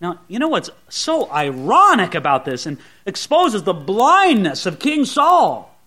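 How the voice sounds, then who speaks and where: A male pastor delivers an expository sermon in a high, bright voice. His pitch rises and falls with lively swings as he keeps asking his listeners rhetorical questions. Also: a little slow.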